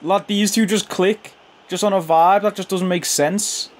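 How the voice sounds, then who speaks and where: A young man giving casual, slangy commentary over his own football video game, chuckling often and jumping to excited shouts when goals go in. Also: high voice, measured pace. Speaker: gaming YouTuber and streamer. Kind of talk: casual live gameplay commentary.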